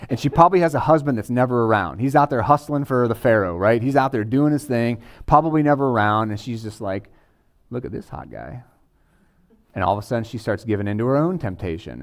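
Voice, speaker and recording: A man preaching a sermon in a conversational way, with casual asides to the congregation. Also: medium pitch. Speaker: pastor.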